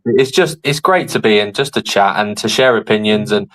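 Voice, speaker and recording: A man guesting on a phone-in chat, warm and rambling. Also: on the low side, moderate pace. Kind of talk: casual chat.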